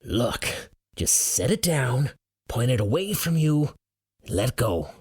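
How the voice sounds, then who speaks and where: A man voicing a high-pitched, panicky man with a Norwegian accent who yells and curses in fear. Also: big pitch swings, slow, slightly rough, no echo, studio quality, heavily acted. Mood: tense whisper. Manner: yelling in fear.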